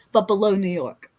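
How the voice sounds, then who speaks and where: A woman's voice: medium pitch, a little mellow. A woman from Maryland chatting casually as co-host, playful and teasing, laughing often. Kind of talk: casual chat.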